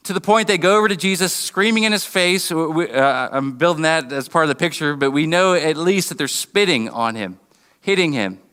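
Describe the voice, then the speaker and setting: A man's voice: a little high, brisk, pushed and bright, smooth. A man preaching a sermon in a conversational, storytelling way, often restarting his sentences. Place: church hall. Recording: long reverb of a hall.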